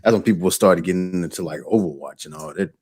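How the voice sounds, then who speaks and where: Gravelly, husky low-voiced man. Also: fast talker, darkish tone. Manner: laid-back, brief interjections. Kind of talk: casual chat.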